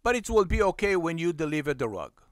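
Male storyteller doing a stingy Russian-accented woman, blunt and pushy, high and swooping. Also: very animated, fast talker, no echo, studio quality. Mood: demanding. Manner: blunt, demanding, curt.

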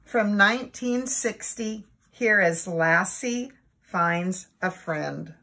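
An older woman reading a children's storybook aloud as the host of a story time. Her delivery is slow and chatty, and her voice has a soft, husky grain. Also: mid-range voice. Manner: chatty, homely, reminiscing asides.

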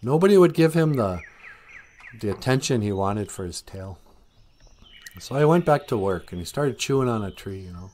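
A man telling a folk tale outdoors in a relaxed, conversational way. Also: on the low side, moderate pace, long pauses. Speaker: storyteller. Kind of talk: casual oral storytelling.

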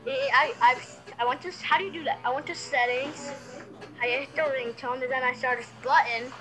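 A woman's voice in a played fan video, silly and sing-song with shouting bursts. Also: sits high, steady tone, normal speed, faint music behind.

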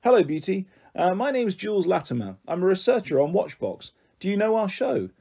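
A man's voice: sits high, big pitch swings, brisk, vocal fry, dark tone, breathy edge, pitched above the performer's own voice, heavily acted. A man voicing a friendly, upbeat TV researcher who speaks chirpily and encouragingly in a storybook reading. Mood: chirpy.

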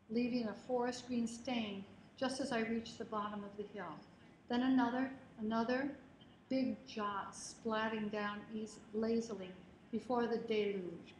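A woman author giving a public reading of her memoir, in a measured, expressive voice that lingers on phrases. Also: on the high side. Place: lecture hall at a reading event. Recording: roomy hall, faint noise, livestream.

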